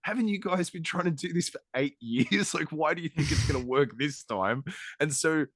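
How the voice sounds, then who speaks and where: A man's voice: a little high, expressive, moderate pace, dry recording, studio quality. A man co-hosting a comic book podcast in casual chat, retelling a story with sarcasm and mocking put-on quotes. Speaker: podcast co-host.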